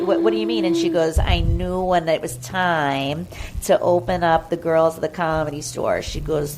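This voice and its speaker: A woman's voice: low voice, a little mellow, a little hiss or hum. A woman guest on a podcast, chatting casually and gushing as she tells stories, acting out the voices of the people in them. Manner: chatty, gushing, full of fillers and acted-out quotes. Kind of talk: casual storytelling chat. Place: podcast studio.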